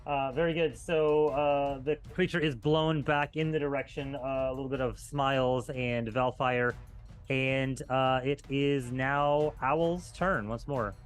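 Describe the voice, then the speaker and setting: A man's voice: medium pitch, steady tone, a little slow, faint music behind. Easygoing male game master. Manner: loose, filler-heavy descriptive narration. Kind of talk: narrating a tabletop game.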